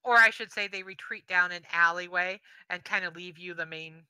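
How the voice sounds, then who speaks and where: A woman narrating a tabletop game as game master, setting scenes in an unhurried way with fillers. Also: lowish voice, bright, forceful tone, clean tone, no room sound, rough recording.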